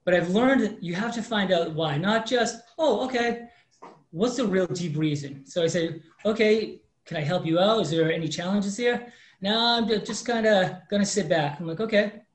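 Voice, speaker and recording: A mortgage professional in his fifties, speaking at normal speed in a voice that sits high, relates a personal story as an interview guest. Energetic and theatrical, he voices the people he quotes, and his speech has a roomy echo.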